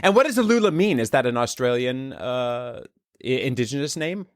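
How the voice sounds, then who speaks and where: Teasing male co-host, lively pitch. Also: moderate pace, dry recording, clean studio sound. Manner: teasing, laughs often. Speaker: podcast co-host. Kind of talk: casual chat.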